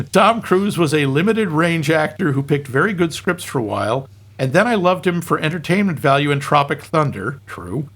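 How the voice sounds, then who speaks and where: Husky, wry male podcast co-host. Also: a little high, animated, normal speed, fairly bright tone. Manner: wry, joking, reads listener comments aloud. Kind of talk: casual film podcast chat.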